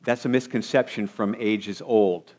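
Man, pastor, sermon delivery, lowish voice, questions to the congregation. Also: steady tone, a little slow, darkish tone. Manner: preaching with rhetorical questions to the congregation.

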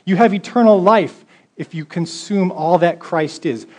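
A man's voice: high-pitched, measured pace, darkish tone. A male pastor preaching a sermon, reading scripture aloud and building to emphatic exhortation in a conversational way.

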